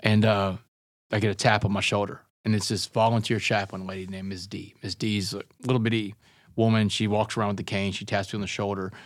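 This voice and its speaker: A man's voice: fairly low pitch, little pitch movement, a little fast, dry recording. Intense storytelling man, dry close mic. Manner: earnest, intense, says "man" and "brother" often. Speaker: podcast guest, author. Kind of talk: storytelling interview.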